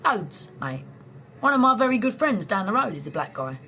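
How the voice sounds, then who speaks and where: A woman from southeast England with a local accent, chatting casually with viewers on a late-night live stream from home, blunt and quick to laugh. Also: medium pitch, sing-song, dull audio, a little hiss or hum. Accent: southeast English. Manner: chatty, blunt, swears freely, laughs easily.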